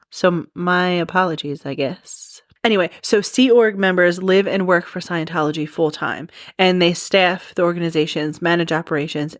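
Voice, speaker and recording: A woman's voice: on the low side, no room sound, studio quality. A woman hosting a podcast, explaining a topic in a chatty, casual monologue full of "like" and "you know". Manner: chatty, lots of "like" and "you know", laughs at herself. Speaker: podcast host.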